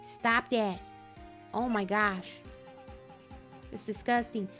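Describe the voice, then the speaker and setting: A woman's voice: mid-range voice, fairly even intonation, slow, fairly bright tone, faint music behind. A woman streamer giving casual commentary over a game, chatty and exclaiming as she talks to her chat. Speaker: gaming streamer.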